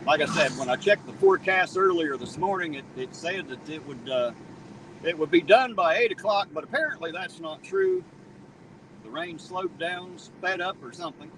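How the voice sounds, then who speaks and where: A man's voice: on the high side, animated, normal speed. Chatty man livestreaming from the street. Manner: chatty and joking, greets viewers by name. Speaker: livestream host reading viewer chat. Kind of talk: casual live-stream chat. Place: outdoors on a town street at night after rain. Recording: slightly distant mic, faint street noise.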